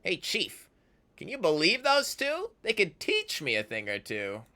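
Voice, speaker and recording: A man's voice: high voice, wildly swooping pitch, a little slow, pushed and bright, pitched above the performer's own voice, heavily acted. A man voicing a cheeky, wisecracking male sidekick from a video game, teasing and jokey.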